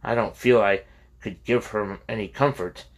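A man reading the lines of a troubled young male college student who speaks quietly and respectfully. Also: on the low side, normal speed, natural voice. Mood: earnest.

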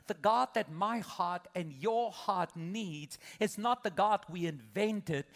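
A middle-aged man preaching a sermon as pastor, swinging from loud emphatic peaks to soft intimate asides. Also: sits high. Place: large church auditorium. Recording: long hall reverb.

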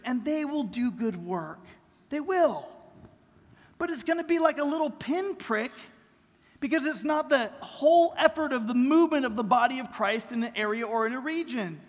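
A man's voice: extremely high pitch, animated, moderate pace. A middle-aged man preaching a sermon as pastor, in a conversational style that leans on rhetorical questions. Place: church sanctuary. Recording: long reverb in a large hall.

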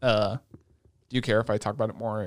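A man's voice: lowish voice, fast talker, dry recording. Young guy ranting about anime, swears a lot, dry close sound. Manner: profane, excitable storytelling. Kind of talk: casual anime chat.

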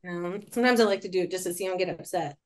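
A woman's voice: lowish voice, very fast. A woman, a therapist guest on a podcast, joking playfully and laughing often in casual chat.

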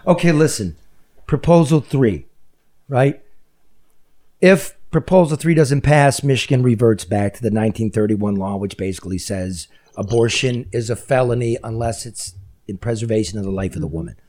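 A man hosting a talk show, chatting casually and making jokey, rambling sponsor pitches. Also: moderate pace, darkish tone. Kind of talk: casual talk show chat with live ad reads.

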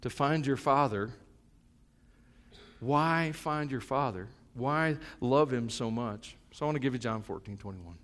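A middle-aged male pastor preaching a sermon, moving between soft, reflective asides and loud, fervent stretches. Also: mid-range voice, unhurried, big-room sound.

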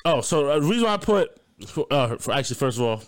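A man's voice: on the high side, very animated, quick pace. A young man co-hosting a casual podcast, laughing often, swearing freely and acting out what others said. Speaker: podcast co-host. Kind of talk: casual banter.

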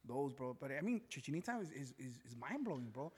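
A man's voice: mid-range voice, husky. A young Mexican American man from Chicago co-hosting a casual podcast, talking animatedly and mixing English and Spanish. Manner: fast and animated, mixing English and Spanish, says bro a lot. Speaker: podcast co-host. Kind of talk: casual chat.

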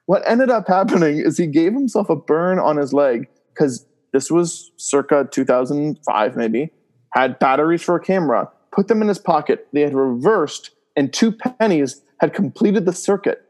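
This podcast guest has a fairly high male voice and keeps a moderate pace while swapping family stories in relaxed conversation. His telling is lively, full of frequent laughter, loud screams voiced within the stories, and plenty of "like" and "um."

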